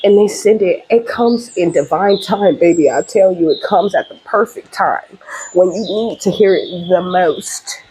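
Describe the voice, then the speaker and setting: A woman's voice: mid-range voice, moderate pace, mellow, husky, rough recording. A woman hosting her own channel, giving a casual spiritual reading straight to her viewers in a chatty, emphatic and openly heartfelt way. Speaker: spiritual reader and channel host.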